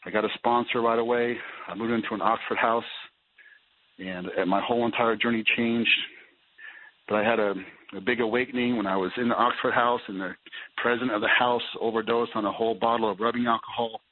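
Man, guest on a call, personal testimony, halting restarts, husky low voice, phone-line sound. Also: fairly even intonation. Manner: halting, repeats words as he restarts. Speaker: guest sharing his recovery story.

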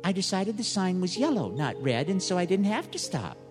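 A man's voice: high-pitched, very animated, brisk, over music, pitched above the performer's own voice. A man voicing a woman shopkeeper who talks in an airy, unbothered, soothing way, in an echoey hall. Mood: breezy. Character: breezy, dismissive woman shopkeeper.

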